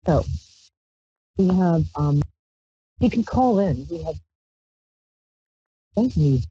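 Speaking slowly with lively intonation, this Brooklyn woman has a fairly low, warm, slightly rough voice. She rambles playfully through her psychic call-in radio show, reading tarot on a handheld mic, chatting and squealing exclamations. The audio is a dull, dry lo-fi stream.

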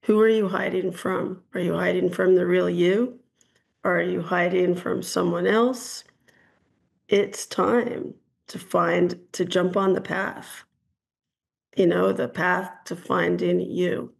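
A woman's voice: on the low side, steady tone, slow, vocal fry. A woman hosting a call-in show as a psychic reader, talking in a chatty, meandering way with frequent ums. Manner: chatty, hedging, frequent ums and "I'm getting". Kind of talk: casual call-in reading.

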